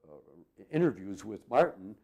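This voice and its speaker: An older man in his eighties with a lowish voice recounts local memories. He wanders through his stories with many fillers and chuckles warmly at the funny parts. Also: expressive, a little slow, gravelly. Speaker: interviewee. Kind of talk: reminiscing storytelling.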